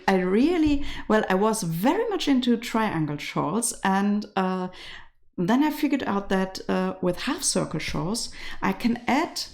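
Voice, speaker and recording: A woman's voice: medium pitch, gravelly, a little mellow. A woman from Germany with a German accent, hosting a casual knitting live stream from her home and chatting with viewers, laughing often. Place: home in rural west Ireland.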